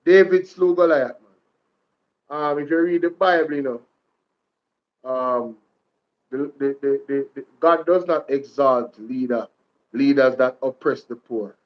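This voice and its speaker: A man's voice: mid-range voice, fairly even intonation, unhurried, long pauses, lo-fi sound. A man with a Jamaican accent hosting political commentary, repeating lines and speaking to his viewers like a preacher. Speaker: commentary vlog host.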